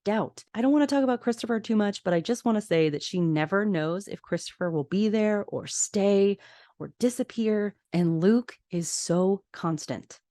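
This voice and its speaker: A woman hosting a podcast, casually recapping a TV episode in a chatty, expressive way, mixing plot narration with her own opinions. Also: mid-range voice, moderate pace, no room sound, studio quality. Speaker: podcast host. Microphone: podcast microphone.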